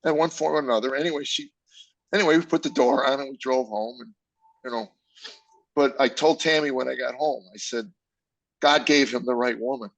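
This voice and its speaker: A man's voice: mid-range voice, a little fast, vocal fry, no room sound, poor audio. An older man, a comedian guest, telling candid personal stories with emotion and acting out quoted dialogue.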